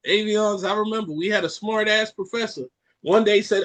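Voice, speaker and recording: Animated high-voiced man ranting. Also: normal speed. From Caribbean. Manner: animated ranting, exclaims and repeats lines. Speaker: podcast host. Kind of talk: casual chat.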